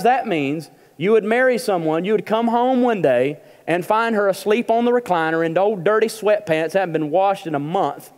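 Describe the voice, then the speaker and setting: A man's voice: high voice, big-room sound. A male pastor preaching a humorous, conversational sermon in a church. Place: church auditorium.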